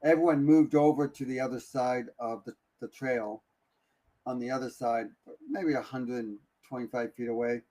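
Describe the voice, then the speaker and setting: Man, guest on a live talk stream, casual storyteller, lots of restarts, mid-pitched. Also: normal speed. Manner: animated, breathless retelling with many restarts.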